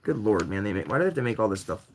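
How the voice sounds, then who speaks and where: A man's voice: rapid-fire, slight background noise. A man hosting a live-stream variety show, chatting casually and rambling with jokes while he fiddles with a Lego set. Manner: rambling, jokey, lively swings in pitch while building Lego.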